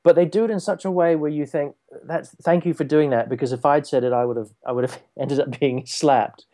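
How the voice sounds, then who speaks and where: A man's voice: on the high side, a little fast, dark tone. A man hosting a podcast, chatting casually in a thoughtful, wry way and often repeating words. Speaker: podcast host. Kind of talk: casual conversation.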